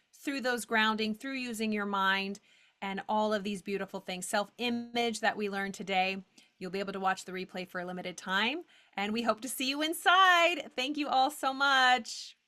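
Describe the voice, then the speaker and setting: A woman co-hosting a webinar, wrapping up with an upbeat sales pitch and some hesitant fillers. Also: bright, forceful tone. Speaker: co-host.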